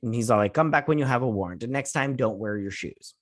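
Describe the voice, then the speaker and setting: A man's voice: medium pitch, quick pace, dry recording, studio quality. Rambling man recapping a show. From United States. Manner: rambling, many fillers and restarts. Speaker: host. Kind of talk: casual episode recap.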